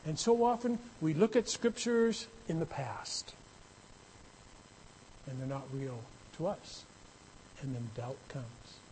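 Pastor, male, slow deliberate sermon delivery, slightly high voice, conversational with emphatic swells. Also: a little mellow, a little hiss or hum, poor audio. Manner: conversational, rising to emphatic bursts.

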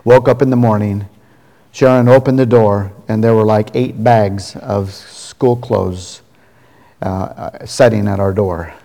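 A man's voice: fairly low pitch, fairly even intonation, unhurried. Folksy preacher man in an echoing hall. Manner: folksy storytelling, ending in a soft prayer. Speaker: pastor. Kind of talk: sermon. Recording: long reverb of a large hall.

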